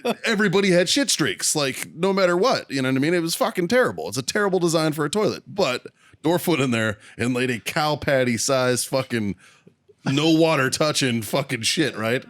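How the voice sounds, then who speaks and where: A man's voice: on the high side, expressive, brisk, a bit bright. A man hosting a casual podcast, telling a crude army story with lots of swearing and laughter. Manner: profane, laughs while telling stories. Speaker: podcast host.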